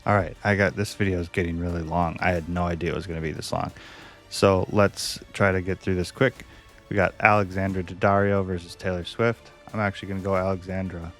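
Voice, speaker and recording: A man's voice: low-pitched, steady tone, fairly quick, faint music behind. A man hosting a casual video, thinking aloud in a chatty, hesitant way. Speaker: video host. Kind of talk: casual chat.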